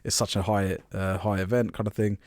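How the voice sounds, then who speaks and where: A man's voice: lowish voice, steady tone, fairly quick, darkish tone, no echo, studio quality. A young man co-hosting a podcast, animatedly retelling a story in casual chat and laughing often. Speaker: podcast co-host.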